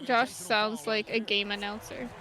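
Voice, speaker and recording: A woman's voice: mid-range voice, steady tone, unhurried, sharp tone. A young woman guest on a game stream, chatting casually and teasing the host. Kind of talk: casual chat.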